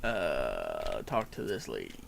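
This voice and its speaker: A man chatting over his game stream in a strained, tired voice. He rambles through self-mocking asides at an unhurried pace. His tone is gravelly with plenty of fry, while his pitch moves around a lot. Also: wildly swooping pitch, a little hiss or hum. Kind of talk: casual gameplay commentary.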